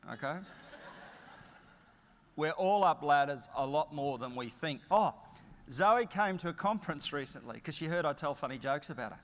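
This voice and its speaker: A middle-aged Australian man delivers a keynote in a large conference hall, his voice sitting a touch high and carrying a long reverb tail. He talks in a chatty, storytelling way with easy humour. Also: moderate pace, a bit bright. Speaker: keynote speaker.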